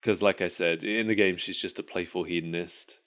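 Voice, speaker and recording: A man's voice: low voice, steady tone, moderate pace, a bit bright. A man co-hosting a podcast in casual chat, rambling and laughing often at his own jokes. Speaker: podcast co-host.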